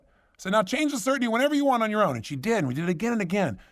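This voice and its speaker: High-voiced emphatic motivational speaker, man. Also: racing, dry recording, clean studio sound. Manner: animated, emphatic, acts out dialogue. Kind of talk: motivational seminar storytelling.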